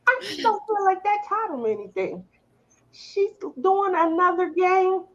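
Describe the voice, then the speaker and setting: A middle-aged woman hosts a casual online chat, her voice high and swinging widely in pitch. She tells stories with lots of energy and keeps laughing at her own punchlines, heard through dull, muffled lo-fi audio. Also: measured pace. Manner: animated storyteller, laughs often. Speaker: host.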